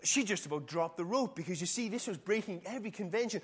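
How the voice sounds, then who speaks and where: A male preacher with a fairly high voice tells a story from the pulpit. He is animated, with emphatic, loud build-ups. His delivery draws the listener into the narrative. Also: fast talker, hardly any pauses, slightly rough. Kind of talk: sermon.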